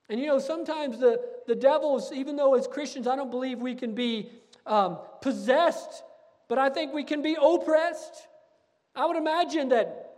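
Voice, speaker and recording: High-voiced preaching man, reverberant hall. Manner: earnest, animated preaching with restarts. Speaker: pastor. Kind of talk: sermon reading scripture.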